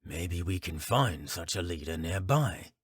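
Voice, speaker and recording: Man as a guarded, measured male captain. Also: low voice, lively intonation, husky, heavily acted. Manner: measured, restrained, polite.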